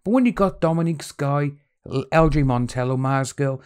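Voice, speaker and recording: A man's voice: fairly high pitch, moderate pace, a little mellow, clear, resonant tone. Exasperated man ranting in commentary. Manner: exasperated, scornful. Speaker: commentary channel host. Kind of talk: opinionated commentary.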